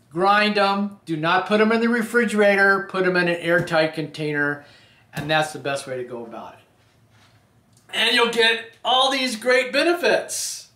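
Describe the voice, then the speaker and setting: A middle-aged man talks casually to his viewers, wandering from point to point in a friendly way. His voice sits a bit high for a man. The room around him is echoey. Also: sharp tone. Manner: rambling, friendly, says you guys. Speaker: vlogger. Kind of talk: casual vlog chat.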